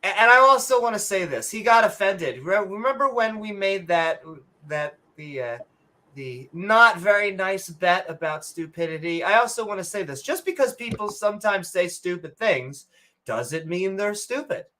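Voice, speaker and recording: A woman co-hosting a podcast, her voice bright and forceful. She rants bluntly with sarcastic jabs and the odd curse, in a loose, casual chat. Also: mid-range voice, expressive, moderate pace. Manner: blunt, sarcastic, swears freely. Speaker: podcast co-host.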